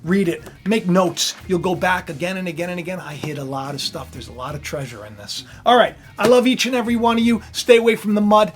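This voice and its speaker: Tired hoarse guy preaching bible stuff, gets loud then goes soft, faint music behind. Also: a little high, lively intonation, fairly quick, few pauses. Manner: swings from quiet intimacy to loud fervor. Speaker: online preacher, channel host. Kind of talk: impassioned scripture preaching to camera.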